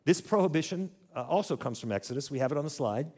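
A man's voice: fairly high pitch, expressive, fast talker, a little mellow, husky. A man teaching a church audience in a conversational way, asking them to repeat words after him. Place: church hall.

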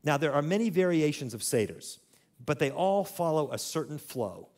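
A man's voice: on the high side, expressive, normal speed, darkish tone. Man giving a conversational church talk. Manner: conversational, coaxes audience to repeat words. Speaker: church teacher. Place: church hall.

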